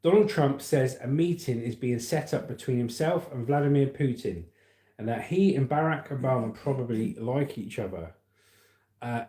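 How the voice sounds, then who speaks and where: A middle-aged man chats through a livestream, reading viewer comments and news stories aloud. He banters easily and laughs often, his mid-pitched voice ringing in an echoey room. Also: dark tone. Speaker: livestream host.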